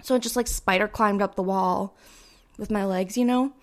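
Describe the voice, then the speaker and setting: A woman's voice: medium pitch, fairly even intonation, normal speed. A woman in her twenties hosting a podcast, chatting casually and animatedly to listeners in a solo monologue full of fillers. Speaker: podcast host. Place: indoors with sirens outside.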